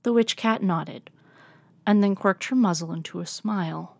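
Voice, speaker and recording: A woman reading a storybook aloud, with soft, breathy asides. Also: medium pitch, normal speed, dry recording.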